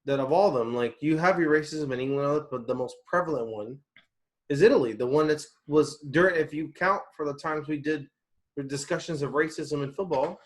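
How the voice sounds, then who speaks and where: A man's voice: fairly high pitch, brisk. Emphatic man co-hosting a podcast. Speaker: podcast co-host. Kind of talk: casual podcast chat.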